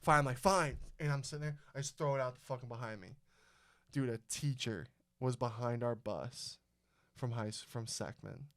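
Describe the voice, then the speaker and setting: A young man hosting a podcast, telling a story in casual chat, animated and swearing a lot. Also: mid-range voice, normal speed. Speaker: podcast host.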